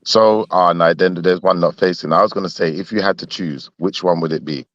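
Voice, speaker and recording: A man's voice: low voice, a little fast, muffled recording. A man on a live online panel, teasing the others with probing questions and laughing. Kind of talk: casual live panel chat.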